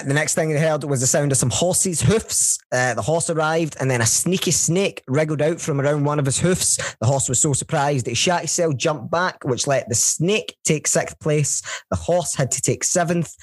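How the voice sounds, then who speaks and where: A man's voice: on the high side, no room sound. A man telling a folk tale in a jokey, sweary way during a casual podcast chat. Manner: swears freely, jokey, fast retelling. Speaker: podcast co-host. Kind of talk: casual chat and comic storytelling.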